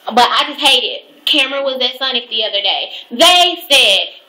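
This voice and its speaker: Young woman, bright voice, profane exasperated rant, echoey room. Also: sits high, lively intonation, normal speed. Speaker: vlogger. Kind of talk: ranting casual vlog.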